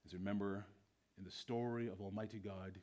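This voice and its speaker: A man preaching a sermon as pastor in a church, swinging between loud bursts and hushed lines. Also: lowish voice, steady tone, brisk.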